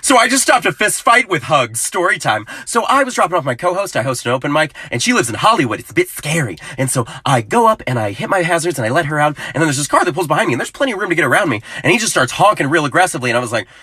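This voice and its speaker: A man's voice: a little high, very animated, rapid-fire, hardly any pauses, pushed and bright. A man in his twenties, a youth pastor, doing a hyper comedic monologue to camera and bursting into silly voices.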